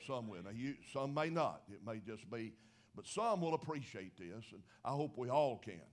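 A man's voice: mid-range voice, animated, normal speed. A man preaching a sermon in a folksy, conversational way, growing emphatic as he goes. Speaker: pastor.

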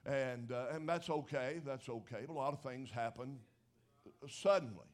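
A preacher man delivering a sermon in a casual, homespun way. His voice sits at an ordinary middle pitch, and he pushes up in pitch and loudness to stress his points. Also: normal speed. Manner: folksy preaching, building to emphatic rises. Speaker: pastor.

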